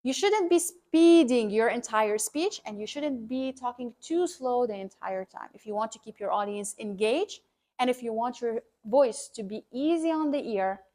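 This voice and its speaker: A woman who coaches public speaking, talking to camera in an energetic, emphatic way and repeating her key points. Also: fairly high pitch, normal speed. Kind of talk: scripted educational talk to camera.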